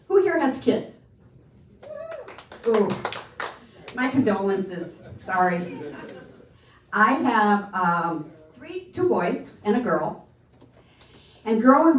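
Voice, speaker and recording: Chatty middle-aged woman comic. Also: mid-range voice. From Minnesota. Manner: chatty, self-deprecating, hesitant with fillers. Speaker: stand-up comedian. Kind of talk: stand-up comedy set. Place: comedy club stage. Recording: echoey room, distant mic, faint noise.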